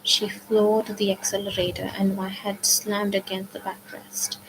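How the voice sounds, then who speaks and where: A woman reading a novel aloud, softly and often half-whispered. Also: mid-range voice, monotone, unhurried, background noise. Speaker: book reader.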